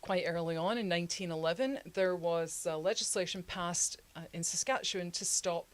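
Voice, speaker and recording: A woman with a slightly low voice talks through history in an easy, conversational way. She fills pauses with "uh" and "you know," drops in laughing asides, and keeps the tone loose and friendly. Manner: chatty, laughing asides, many fillers. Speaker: podcast co-host. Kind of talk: casual history podcast chat.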